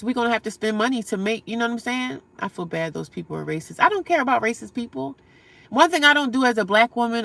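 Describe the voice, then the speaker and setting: A woman chatting on a phone live stream from her car, reading comments out loud. She answers trolls bluntly and sarcastically in a bright, forward voice. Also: on the high side, no room sound. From United States. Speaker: livestreamer reading viewer comments. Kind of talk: casual live-stream chat.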